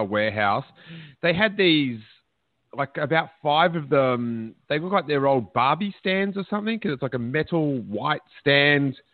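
A man's voice: mid-range voice, no echo. A man in the host's seat, chatting casually and spinning rambling, joking stories. His voice is dry and close, with a narrow, phone-like band. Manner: chatty, jokey storytelling. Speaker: podcast host. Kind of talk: casual chat.

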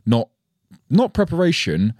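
A man's voice: fairly high pitch, big pitch swings, measured pace, darkish tone, no echo, studio quality. A young British man co-hosting a podcast, ranting casually with lots of swearing and restarts. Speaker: podcast co-host. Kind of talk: casual chat.

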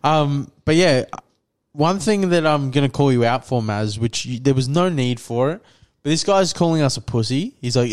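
A man's voice: mid-range voice, expressive, moderate pace, clean tone. A young man, co-hosting a podcast and telling a rambling story full of "like" and acted-out quotes. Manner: rambling storyteller, lots of "like" and restarts, acts out quotes. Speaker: podcast co-host. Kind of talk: casual chat, telling a story.

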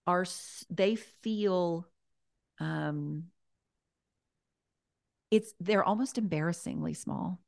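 A woman, a guest author, chatting casually and warmly, repeating her key points as she gives encouraging advice. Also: on the low side, extremely slow, gravelly, long pauses, no echo, clean studio sound.

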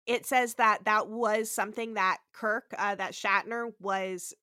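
A woman's voice: medium pitch, steady tone, unhurried, bright, forceful tone, dry recording, clean studio sound. A woman co-hosting a podcast in casual chat, talking in a chatty way, swearing freely and acting out quotes. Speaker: podcast co-host.

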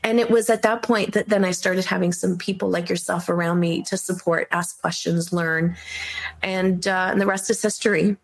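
Earnest middle-aged woman, gravelly edge. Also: on the low side, fairly even intonation, moderate pace. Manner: earnest, rambling with many fillers and restarts. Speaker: medium, podcast guest. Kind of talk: casual interview talk.

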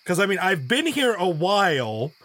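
High animated man, swearing tabletop player. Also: moderate pace, no room sound. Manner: profane, animated, rambling. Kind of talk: casual tabletop banter.

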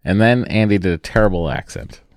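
Deep-voiced man chatting on a podcast. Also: animated, a little fast, no echo, clean studio sound. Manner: rambling, self-interrupting storyteller. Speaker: podcast host. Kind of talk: casual chat.

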